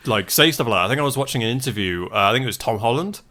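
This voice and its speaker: Bright, animated man telling stories. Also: mid-range voice, racing. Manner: animated storyteller, swears casually. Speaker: podcast guest. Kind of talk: casual podcast chat.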